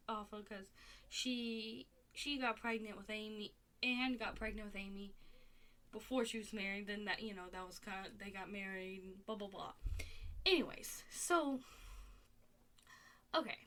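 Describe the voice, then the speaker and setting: A woman's voice: mid-range voice, sharp tone. A woman talking casually at home, rambling and exasperated, with many fillers and restarts. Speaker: podcast host reviewing a TV show. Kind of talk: casual chat.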